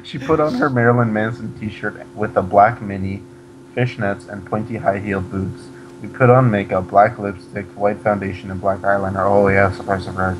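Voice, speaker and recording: Man, comic fan fiction reading, deadpan delivery, low voice, faint hum. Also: normal speed. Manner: deadpan reading, breaks off to mock the text. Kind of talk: comedic dramatic reading.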